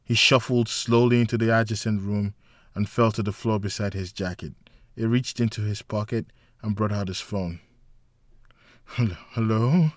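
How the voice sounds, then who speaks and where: A man narrating a novel in a slow, measured reading voice. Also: fairly low pitch, flat delivery, no room sound, clean studio sound. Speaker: audiobook narrator.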